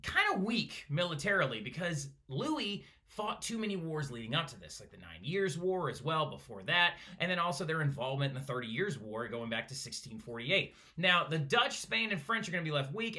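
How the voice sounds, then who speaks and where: A male history teacher lectures in a lively, bouncing voice. His tone is bright and a little high, and he keeps checking in with "right?" as he goes. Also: fairly quick, few pauses. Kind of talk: recorded classroom lecture.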